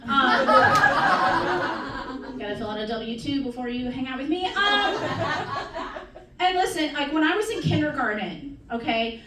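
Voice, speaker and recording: A woman performing a stand-up comedy set on a club stage, animated and laughing often at her own jokes. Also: high-pitched, unhurried, long pauses, heavy background noise. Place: comedy club stage before a live audience. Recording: echoey room, crowd laughter, distant mic. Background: audience laughing.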